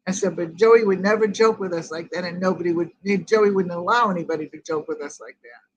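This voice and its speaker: With the highs cut off in the recording, an older woman's lowish voice comes through at a fairly quick pace. Host of a grief group, she tells a personal story in casual chat, rambling and quoting each conversation word for word.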